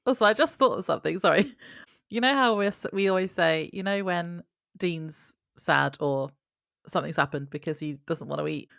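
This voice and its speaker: A woman co-hosting a podcast in casual chat, thoughtful and quick to laugh. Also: lowish voice, gravelly, fairly bright tone, no room sound, studio quality. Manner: chatty and reflective, laughs often. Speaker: podcast co-host.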